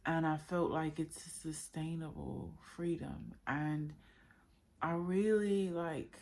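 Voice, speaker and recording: A woman speaking in a heartfelt, unscripted monologue, emotional and halting as she searches for words about her inner journey. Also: low voice, fairly even intonation, gravelly, a little mellow. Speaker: spiritual vlogger.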